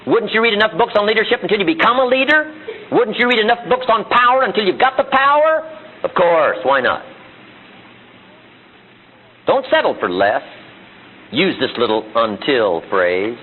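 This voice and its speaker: Male seminar speaker, raspy, animated delivery, emphatic and repetitive questioning, tinny lo-fi archive sound. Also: high voice, moderate pace, long pauses. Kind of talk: live motivational seminar speech. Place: seminar room before an audience.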